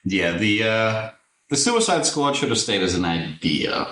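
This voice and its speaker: A man's voice: fairly low pitch, big pitch swings, measured pace, fairly bright tone. A man who hosts a casual chat while tattooing, joking and swearing freely. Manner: joking, swears freely, mimics silly voices. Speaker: tattoo artist and podcast host. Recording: echoey room.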